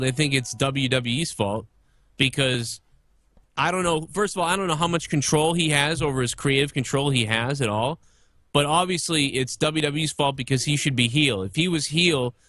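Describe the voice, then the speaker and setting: A man's voice: on the high side, normal speed, a bit bright. A man in his thirties talking casually and opinionatedly about wrestling, rambling and swearing freely. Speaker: podcast guest.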